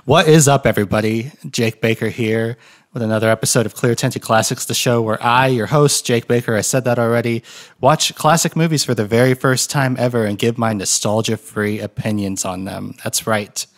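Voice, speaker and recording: A man hosts a casual podcast from a room shared with his guests. His voice sits at an ordinary middle pitch. He rambles, backtracks and jokes his way through the introductions. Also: steady tone, normal speed. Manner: rambling, self-correcting and jokey. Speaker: podcast host.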